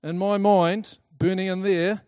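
A man giving a talk to a live audience, lively and chatty, telling personal stories and acting out the people in them. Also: high voice, unhurried, smooth, no echo, clean studio sound. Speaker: speaker presenting to a group.

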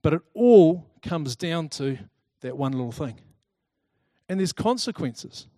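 A man giving a talk to a live audience, lively and chatty, telling personal stories and acting out the people in them. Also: fairly high pitch, measured pace, no room sound, clean studio sound. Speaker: speaker presenting to a group.

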